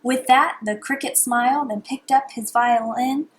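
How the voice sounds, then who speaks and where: A mother reading bedtime stories aloud to her baby in a soft, hushed, sing-song manner. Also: on the high side, a little slow.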